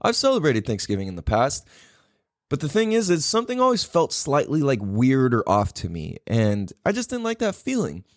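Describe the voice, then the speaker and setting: A man's voice: medium pitch, huge pitch swings, normal speed, no echo, clean studio sound. A man hosting a podcast with a Southern Californian accent, talking loosely and profanely, laughing often in a casual solo monologue. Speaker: podcast host.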